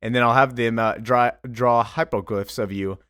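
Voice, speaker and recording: Grand, boastful mythic strongman, read by a man, a bit raised and loud, dry sound. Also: mid-range voice, fairly even intonation, moderate pace, clean tone, no room sound, lightly acted. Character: boastful mighty male strongman wooing a woman.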